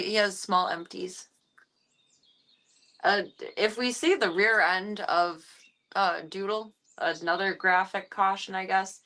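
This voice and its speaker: A woman's voice: medium pitch, gravelly, bright, forceful tone. A woman live-streaming, talking casually to her viewers and cooing baby-talk at a foster cat. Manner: coos and baby-talks to the cat between chatty asides.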